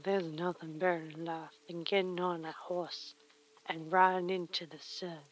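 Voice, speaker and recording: A woman's voice: lowish voice, little pitch movement, normal speed, close to an everyday voice, rough recording. Woman putting on a folksy drawling cowboy. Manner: folksy drawl, homespun sayings.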